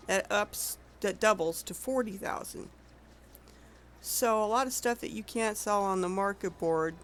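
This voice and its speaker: A woman's voice: fairly low pitch, fairly bright tone, slight background noise. A woman streaming an online game, chatting casually and rambling with frequent self-corrections. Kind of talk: casual gameplay commentary.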